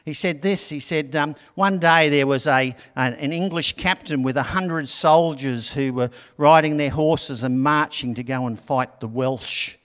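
A man's voice: on the high side, unhurried, hardly any pauses, a bit bright, long reverb tail. A middle-aged man preaching a sermon in a conversational, storytelling way. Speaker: pastor.

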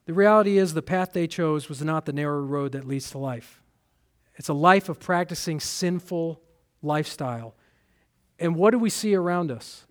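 A man's voice: on the high side, normal speed. A man preaching a sermon as pastor, urgent and pleading, rising to emphatic questions.

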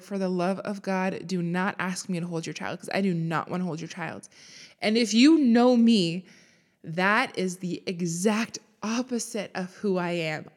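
A young woman speaks candidly as a podcast guest, recounting her own experience. Her voice sits at a middle pitch, and she talks with raw emotion, quick asides and the occasional laugh. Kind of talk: personal storytelling.

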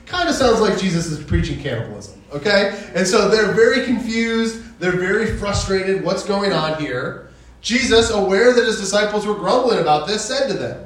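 A man preaching a sermon, reading scripture and retelling it in a loose, conversational way. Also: high-pitched. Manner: conversational, paraphrases scripture in casual voices. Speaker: pastor. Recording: echoey hall from far off.

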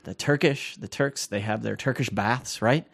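A man's voice: fairly low pitch, normal speed, creaky, a bit bright, slightly rough. A man in his thirties co-hosting a podcast, rambling and chatty with lots of fillers. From Scandinavian heritage. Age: 30s. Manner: chatty and rambling, many fillers, laughs easily. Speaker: podcast co-host. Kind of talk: casual podcast banter.

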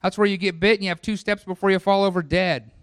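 Male pastor, sermon delivery, fairly high voice, dry close sound, swings between loud build-ups and hushed asides. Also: steady tone, fast talker, clear, resonant tone, no room sound. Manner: dynamic preaching, voice swelling for lists then dropping low and quiet; conversational asides to the congregation.

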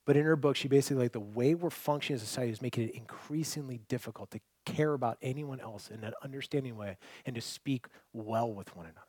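A man preaching a sermon, earnest and conversational, rising to loud emphasis and dropping to near-quiet. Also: mid-range voice, fast talker, hardly any pauses, dry recording. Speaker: pastor.

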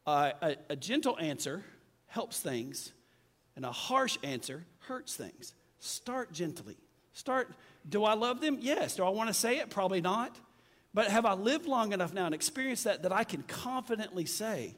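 A man's voice: high-pitched, expressive, normal speed, a bit bright. A man preaching a sermon to a congregation, talking in a conversational way and calling out for amens. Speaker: pastor. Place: church sanctuary with congregation. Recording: long hall reverb with faint music.

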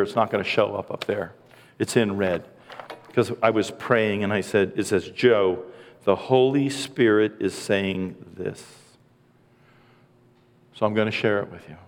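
A man's voice: fairly low pitch, in a large hall. A man in his sixties preaching as a pastor in a church, earnest and emotional, with self-deprecating asides. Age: 60s. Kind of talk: sermon. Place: church sanctuary.

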